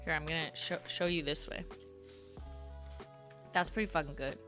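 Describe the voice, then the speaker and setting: Thirties woman from Canada, YouTuber host, lower voice, casual and giggly, faint background music. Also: steady tone, normal speed. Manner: chatty, reads letters aloud, laughs often, swears casually. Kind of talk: casual livestream reading fan mail.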